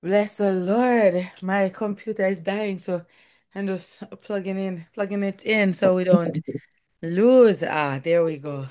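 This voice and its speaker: A woman's voice: medium pitch, slow pace, warm tone. A woman leading an online prayer meeting, affirming each speaker and calling on the next.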